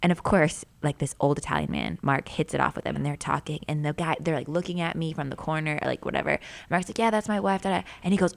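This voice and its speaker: A low-voiced woman in her thirties talks casually on a podcast. She tells family stories with animated, acted-out quotes and plenty of "like." She is a mother sharing her views on parenting. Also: fast talker, vocal fry. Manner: animated storyteller, acts out quotes, frequent "like". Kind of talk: casual chat.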